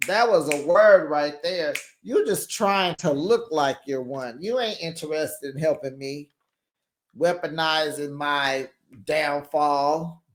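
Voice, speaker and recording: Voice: mid-range voice, a little hiss or hum. A reality TV recap host giving casual, sassy commentary, laughing often and putting on voices for quoted lines. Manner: sassy, animated, frequent laughter; slips into quoted voices while retelling scenes.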